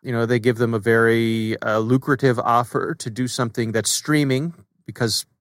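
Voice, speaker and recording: Relaxed male podcast co-host. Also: mid-range voice, normal speed, no room sound. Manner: relaxed, conversational with fillers. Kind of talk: casual chat.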